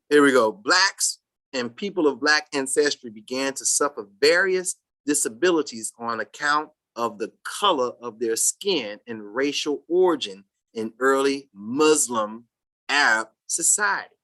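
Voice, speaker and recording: Slow, bright-voiced Sabbath class teacher. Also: medium pitch. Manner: halting, with many restarts, and bursts of loud emphasis. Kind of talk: reading a text aloud and commenting to a class.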